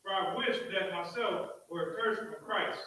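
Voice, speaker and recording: Man, scripture reader, high bright voice, far off, very echoey. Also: normal speed. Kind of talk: reading Bible verses aloud.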